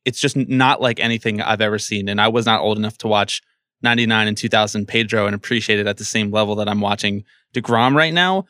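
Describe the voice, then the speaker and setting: A man's voice: lowish voice, quick pace, sharp tone, no room sound, studio quality. A young man on a podcast in casual chat, jokey and teasing, speaking with emphasis. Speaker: podcast panelist.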